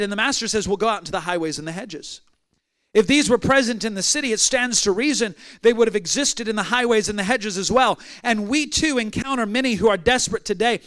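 A man's voice: very high voice, a bit bright, clean tone, dry recording. A man pastor preaching a sermon, emphatic, building through repeated phrases.

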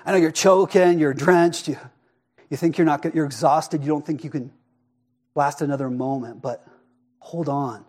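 A man preaching a sermon in a casual, conversational way, often asking "right?" and dropping to a hush for emphasis. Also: fairly high pitch, moderate pace. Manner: expressive, drops to a hush for emphasis. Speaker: pastor.

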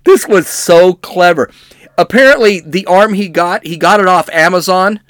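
A middle-aged man reads odd news items aloud and cracks sarcastic jokes about them. His voice sits somewhat high and swings widely in pitch. The recording is dry, with no room echo. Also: fairly bright tone. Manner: wry, sarcastic, digressive. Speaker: podcast host. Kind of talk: comedic news commentary.

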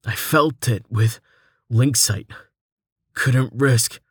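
A man's voice: mid-range voice, very slow, slightly rough, dry recording, studio quality, heavily acted. A man voicing a worn-out young male adventurer in an audiobook, speaking in weary, clipped sentences. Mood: tired.

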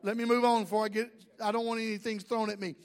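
A man's voice: high-pitched, little pitch movement, fast talker, smooth. A man, a pastor, preaching a sermon with jokes and asides to the congregation.

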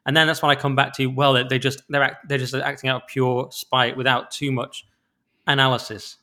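A man co-hosting a podcast in casual chat. He is quick, animated and opinionated, and often restarts his sentences. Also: mid-range voice. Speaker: podcast co-host.

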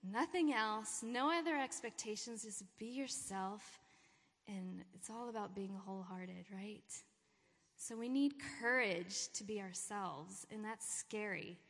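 A woman's voice: medium pitch, unhurried. A woman giving an informal, encouraging sermon talk at a church gathering. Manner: encouraging, warm pep talk with laughter. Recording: long hall reverb.

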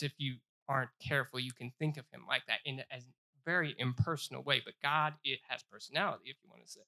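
Man, Bible study teacher, bright voice, earnest, repeats himself and slows down for scripture. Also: mid-range voice, gravelly. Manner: earnest, repeats phrases, stumbles and restarts; reads scripture aloud with slow emphasis.

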